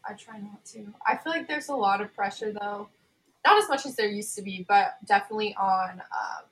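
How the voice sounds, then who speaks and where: A woman's voice: mid-range voice, poor audio. A young woman co-hosting a podcast, chatting casually and agreeing often with short replies. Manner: relaxed, agreeable, short affirmations. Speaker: podcast co-host. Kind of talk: casual chat.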